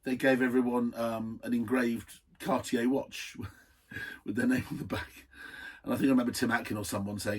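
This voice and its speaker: A man's voice: mid-range voice, fairly even intonation, moderate pace, slightly rough, far from the mic. A man hosting a casual wine tasting, chatty and enthusiastic, wandering off into asides. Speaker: wine reviewer, host.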